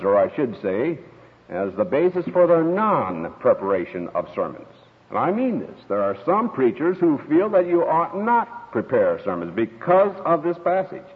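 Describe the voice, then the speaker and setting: A man preaching a sermon, telling stories and acting out quoted voices as he teaches. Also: mid-range voice. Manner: storytelling, expressive with quoted voices. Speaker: pastor. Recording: tinny radio broadcast with long hall reverb.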